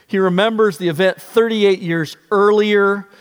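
A man preaching a sermon as pastor, telling the story in an animated way with shifting pace. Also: high-pitched, measured pace, smooth, big-room sound.

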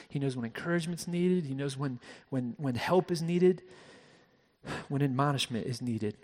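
Here the pastor preaches in a medium-pitched voice inside a large hall, alternating hushed stretches with louder, emphatic ones. He restarts often, repeating words as he does.

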